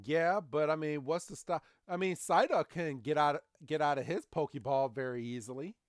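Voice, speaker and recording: A man's voice: a little high, moderate pace, dry recording, clean studio sound. A man co-hosting a podcast, recapping cartoon episodes in casual chat and acting out the characters' lines with plenty of animation. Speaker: podcast co-host.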